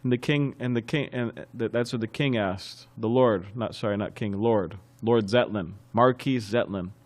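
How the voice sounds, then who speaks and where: A man giving a scriptural class as a sermon, telling anecdotes in a lively way, chuckling and often restarting phrases. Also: on the low side, moderate pace. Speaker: temple class speaker. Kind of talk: sermon with storytelling.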